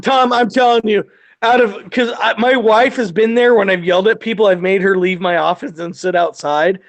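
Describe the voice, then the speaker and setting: A man who supervises in the military, chatting casually in a garage and telling animated stories, swearing often and acting out the people he quotes. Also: sits high, moderate pace. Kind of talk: casual chat.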